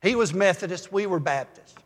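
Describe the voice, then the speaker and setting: An older man preaching a sermon as a pastor, telling folksy stories in a calm, measured way. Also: sits high, big-room sound.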